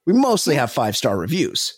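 A man's voice: mid-range voice, huge pitch swings, fairly quick, husky, dry recording, studio quality. A man co-hosting a comedy podcast, telling rambling, profane stories full of restarts in casual chat. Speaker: podcast co-host.

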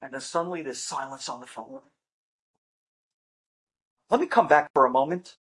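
A man, a rabbi, telling a story in a lecture, animated and acting out the dialogue. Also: medium pitch, normal speed, slightly rough.

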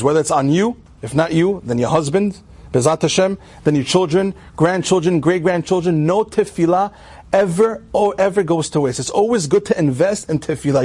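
A man giving an animated storytelling talk to a women's audience, often asking his listeners questions. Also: on the high side, husky. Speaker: religious speaker.

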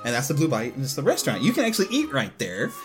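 A fast-talking man co-hosting a casual podcast, joking around and reacting loudly to food items. His pitch jumps all over, and soft music plays underneath. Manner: joking, animated. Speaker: podcast co-host. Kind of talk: casual chat.

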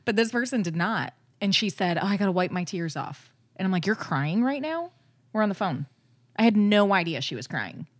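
A woman's voice: mid-range voice, big pitch swings, normal speed, dry recording. Chatty woman pastor, dry close sound. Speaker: pastor, co-host. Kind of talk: casual podcast talk.

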